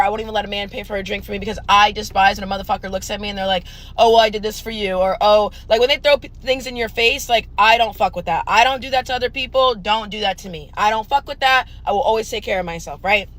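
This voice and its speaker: Young woman vlogger, blunt profane storytime, mid-pitched. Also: a bit bright, low-quality recording. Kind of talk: casual storytime rant.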